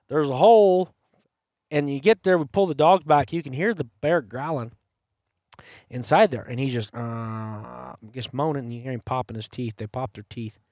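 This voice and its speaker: A man's voice: fairly high pitch, no echo, clean studio sound. A man telling a long hunting story in casual chat as a podcast host, acting out the voices of people he quotes. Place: campside.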